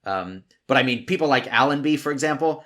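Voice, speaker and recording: A man co-hosting a film podcast who explains his points in a relaxed, casual way. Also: medium pitch, brisk. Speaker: podcast co-host.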